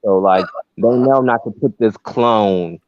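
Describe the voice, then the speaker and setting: Man co-host, lowish voice, conspiratorial drawl, dry and muffled lo-fi sound. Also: takes it slowly, darkish tone, no room sound. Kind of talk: casual chat.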